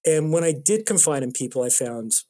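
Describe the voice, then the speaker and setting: A man from Toronto, an improv comedian telling stories in a casual interview, animated with lots of restarts. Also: fairly high pitch, moderate pace. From Toronto, Canada. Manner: animated storyteller, rambling restarts. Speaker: improv comedian and show producer.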